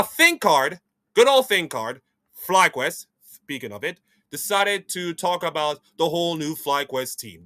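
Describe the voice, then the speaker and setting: A man hosting an esports news show, giving opinionated commentary in a rambling, animated way with frequent restarts. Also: a little high, dry recording.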